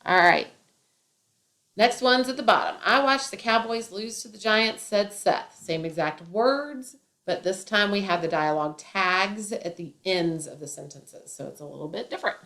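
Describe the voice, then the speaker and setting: A woman's voice: mid-range voice, normal speed, a bit bright. A woman teacher explaining a grammar lesson step by step, with playful asides.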